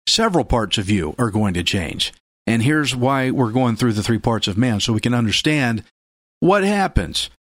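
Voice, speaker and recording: A man preaching a sermon with emphatic delivery, repeating key phrases and breaking into sudden loud bursts. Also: medium pitch, sing-song, normal speed, no echo, studio quality.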